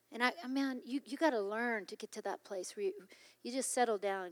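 Woman preacher, middle-aged, sermon, fairly high voice, chatty and emphatic. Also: a little fast, in a large hall. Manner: conversational and emphatic, acting out dialogue with the devil.

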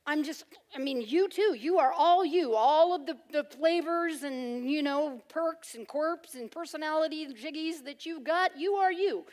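A woman preaching a sermon, loud and emphatic with playful humor. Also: sits high, unhurried, hardly any pauses.

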